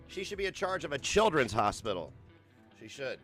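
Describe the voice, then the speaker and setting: A man's voice: medium pitch, big pitch swings, moderate pace, fairly bright tone, soft background music. Sarcastic ranting male streamer. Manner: sarcastic, mocking, profane. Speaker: host. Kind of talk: ranting commentary on clips.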